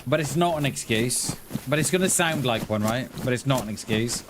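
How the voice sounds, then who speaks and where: A man's voice: medium pitch, animated, a little fast, background noise. A man chatting casually to viewers while streaming a game, laughing often and thanking people for donations. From Wales. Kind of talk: casual live-stream chat.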